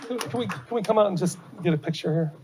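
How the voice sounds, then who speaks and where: A man's voice: sits high, fast talker, very noisy. An American man presiding over a city council meeting, speaking informally as he hands out an award.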